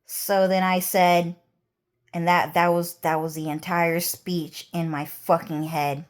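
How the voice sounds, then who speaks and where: A woman's voice: fairly low pitch, level tone, takes it slowly. A woman vlogger talking in a rambling, heated monologue, swearing often.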